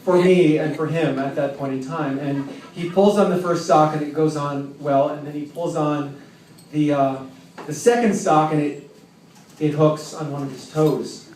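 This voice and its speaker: A man telling a personal story live at an open mic in a tavern, with a wry, self-mocking, halting delivery. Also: a little high, steady tone, a little mellow. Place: tavern with an audience. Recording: roomy, distant, faint background noise.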